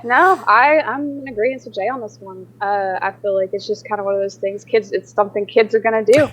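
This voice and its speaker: A woman's voice: mid-range voice, brisk. A woman co-hosting a podcast, telling stories in casual chat, giggly and acting out quotes. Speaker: podcast co-host. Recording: dull lo-fi podcast audio.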